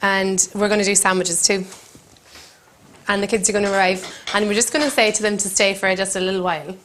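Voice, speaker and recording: A woman's voice: mid-range voice, fairly even intonation, brisk, fairly bright tone, slight background noise. An Irish woman comedian telling a self-deprecating story in a country kitchen, laughing often. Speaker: comedian host. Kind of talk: storytelling to camera.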